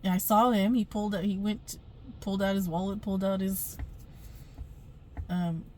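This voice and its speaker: A woman's voice: mid-range voice, fairly even intonation, normal speed, mellow. A middle-aged woman telling a rambling storytime vlog into her phone camera, chatty, with many fillers and frequent laughs. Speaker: spiritual vlogger.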